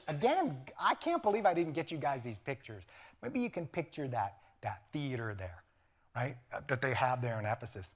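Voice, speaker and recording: A pastor preaching a lively sermon in church, animated and laughing, often acting out voices. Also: male voice, medium pitch.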